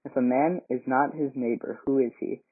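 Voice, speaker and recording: A sly, smug gentleman with dry, sanctimonious remarks, read by a man in his plain voice. The audio is narrow and tinny, like a phone line. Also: mid-range voice, fairly even intonation, normal speed, husky, lightly acted.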